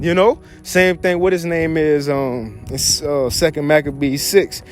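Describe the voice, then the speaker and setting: Man with a high voice, loose slangy Bible teaching over faint music. Animated delivery. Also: unhurried, hardly any pauses. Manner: slangy, animated, reads verses then riffs on them. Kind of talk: casual scripture teaching.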